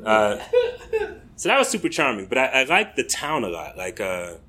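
A man's voice: mid-range voice, wildly swooping pitch, normal speed, pushed and bright, husky. An American man telling a rambling comic story on a comedy club stage, casual and laughing at his own tale. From United States.

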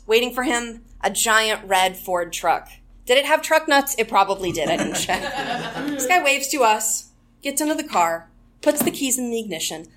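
A young woman from Arkansas works a theater crowd with wry, self-mocking stand-up, her voice sitting a touch high. She drops quick asides and laughs along with her own punchlines. The live recording carries a clear layer of noise underneath. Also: fairly bright tone. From Arkansas, USA. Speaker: stand-up comedian. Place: theater stage before a laughing audience.

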